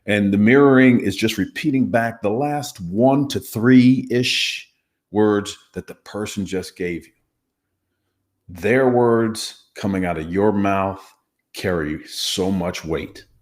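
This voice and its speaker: Slowly and in a lowish voice, an ex-hostage negotiator lays out conversation techniques with real emphasis, acting out examples to teach the skills.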